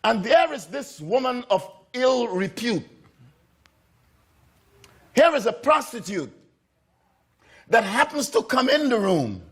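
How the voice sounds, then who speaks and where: A man's voice: extremely high pitch, big pitch swings, slow pace, pauses often, breathy edge. A man preaching a sermon, telling a story with repeated phrases and acting out the voices of the people in it. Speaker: pastor.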